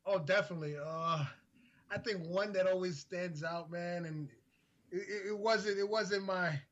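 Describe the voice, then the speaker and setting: A man in his forties, a podcast guest telling stories in a laid-back, halting way. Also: high voice, fairly even intonation, fairly bright tone, muffled recording. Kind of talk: casual chat, storytelling.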